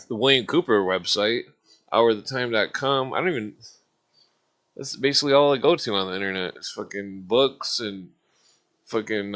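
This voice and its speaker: A man's voice: medium pitch, fairly bright tone. A man in his forties rambling to his livestream viewers, swearing constantly and laughing at his own jokes. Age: 40s. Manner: rambling, profane, laughs often. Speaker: streamer. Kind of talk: casual livestream rant.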